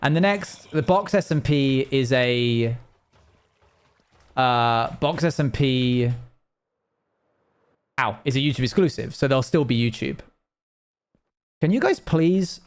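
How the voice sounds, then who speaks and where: A man's voice: medium pitch, expressive, slow, pauses often, clean tone. A man live-streaming a game, chatting loosely to his viewers and rambling from one thought to the next. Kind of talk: casual live-stream chat while gaming.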